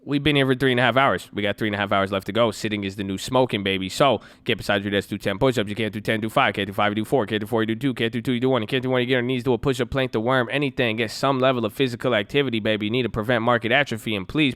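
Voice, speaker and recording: A man hosting a livestream, hyped and slangy as he coaches viewers. His voice is smooth and clear, recorded close and dry with no room sound. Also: medium pitch, fairly even intonation, rapid-fire, few pauses, fairly bright tone, no echo. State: sore throat. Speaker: livestream trading host. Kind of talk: casual livestream chat.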